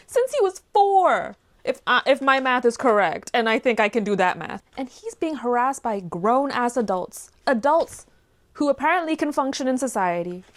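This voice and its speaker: A woman giving exasperated, animated commentary on a news story, her voice dropping low and then rising into loud outbursts. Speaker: commentary vlogger.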